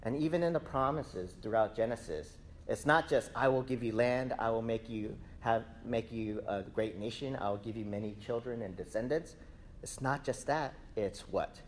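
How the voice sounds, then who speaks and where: A man giving a casual sermon, retelling a scripture story with lively, acted-out dialogue. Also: medium pitch, moderate pace, slight background noise. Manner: animated storytelling, acts out quoted characters.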